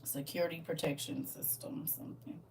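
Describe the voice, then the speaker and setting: A woman's voice: deep voice, steady tone, far from the mic, heavy background noise. Laid-back woman streaming from home. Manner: laid-back, playful, drawn-out teasing calls. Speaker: livestream host. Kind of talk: casual livestream chat. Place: home, indoors.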